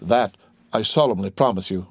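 Man doing a grave priest, measured, formal, dry close sound. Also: fairly low pitch, creaky, breathy edge, no echo. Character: calm, secretly shaken priest. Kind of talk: audiobook character reading.

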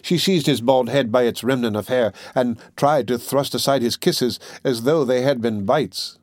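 A man narrating a classic novel in a measured, even reading style. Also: medium pitch, no echo. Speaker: audiobook reader.

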